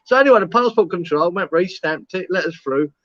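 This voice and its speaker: A man spins an animated, swearing-heavy anecdote, laughing as he goes. His voice sits a little high. The recording is dry and dull, like lo-fi live stream audio. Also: fairly quick, no echo. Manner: animated, swearing, laughing storyteller, acts out quoted lines. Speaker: co-host telling a story. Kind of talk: casual storytelling chat.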